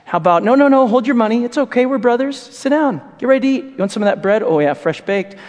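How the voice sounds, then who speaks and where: A man putting on a high coaxing young schemer, salesman patter, long hall echo. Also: expressive, quick pace, a little mellow. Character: scheming young male trickster, smooth salesman. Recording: echoey hall with long reverb.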